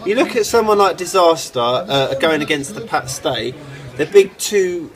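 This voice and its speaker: Guy, correspondent banter, dry and cutting; slightly high voice, crowd noise behind. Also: lively intonation, measured pace, rough recording. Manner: cutting, dry put-downs. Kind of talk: casual banter.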